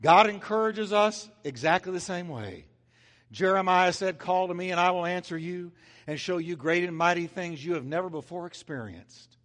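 High-voiced preacher in a reverberant hall. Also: male voice, moderate pace. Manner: emphatic preaching with sudden loud and soft swings; acts out little scenes with comic voices. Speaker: pastor. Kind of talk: sermon.

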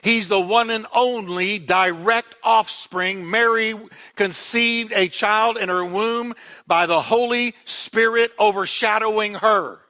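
A man's voice: high voice, steady tone, slow, sharp tone. A male pastor preaching a sermon with emphasis, repeating key words for weight.

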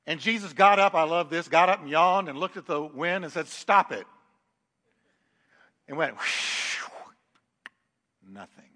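A male preacher with a high, ringing voice delivers a sermon with strong emphasis. He swings from booming declarations down to hushed asides, and his voice carries a long reverb through a large hall. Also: fairly quick, hardly any pauses. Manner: emphatic, shifts between loud declarations and quiet asides.

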